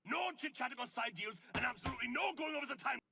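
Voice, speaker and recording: Guy doing strict bossy cartoon country dude, high sharp gravelly voice, faint clip. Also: very fast, heavily acted. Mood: stern. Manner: stern, rule-laying commands. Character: strict, orderly male country personified in a cartoon. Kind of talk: English cartoon dub.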